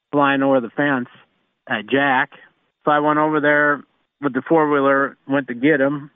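Over a phone-line interview, a race car mechanic rambles through anecdotes, chuckling along the way. His voice is mid-range, with no echo.

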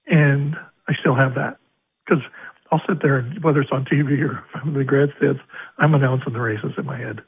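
An older racetrack announcer from Arizona tells his stories in a gravelly, husky voice that sits a little high for a man. He acts out both sides of every conversation. The sound comes through a thin, phone-like radio line. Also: normal speed. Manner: animated storyteller acting out quoted dialogue. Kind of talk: storytelling interview.

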